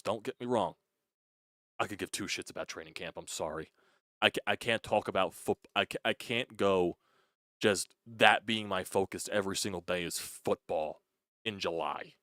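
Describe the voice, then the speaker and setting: Young guy ranting on his sports channel, really low voice, dry close sound, keeps cutting himself off and cursing. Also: normal speed, fairly bright tone, no room sound. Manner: frustrated, swearing, restarting words. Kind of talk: casual fan rant.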